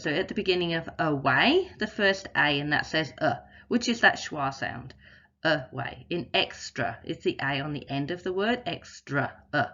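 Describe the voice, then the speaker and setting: A low-voiced woman teaching a spelling lesson with a husky, breathy tone. She explains patiently and step by step, slowing down to sound out example words. The recording is dull and a little lo-fi. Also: a bit bright. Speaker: literacy teacher. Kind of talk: instructional video explanation.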